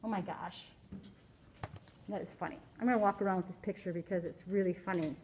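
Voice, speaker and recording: A woman teacher reading a picture book aloud to children, animated, stopping to explain and ask questions in a classroom. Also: on the low side, a little fast, slight background noise, poor audio.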